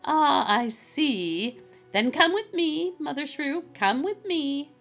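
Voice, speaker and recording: A woman's voice: high-pitched, lively intonation, slow, a bit bright, dull audio, faint music behind, pitched above the performer's own voice, exaggerated voice. A woman voicing a gracious, chatty queen bee who talks like a fellow mother.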